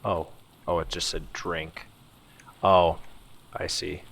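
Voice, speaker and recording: A man giving relaxed, casual let's-play commentary, musing to himself as he explores. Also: low voice, slow, creaky, a little hiss or hum. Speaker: gameplay commentator.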